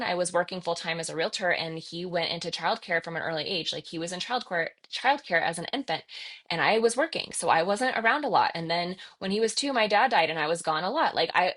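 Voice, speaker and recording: A woman's voice: lowish voice, fairly bright tone. A middle-aged woman hosting a podcast, telling a personal story in an earnest, confessional way, with lots of "like" and "right?" fillers. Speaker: podcast host.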